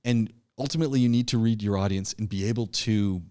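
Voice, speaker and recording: A man teaching an online public speaking class, talking in an animated, emphatic way, often repeating himself and restarting his sentences. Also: lowish voice, fast, dry recording, studio quality. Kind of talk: live online class lecture.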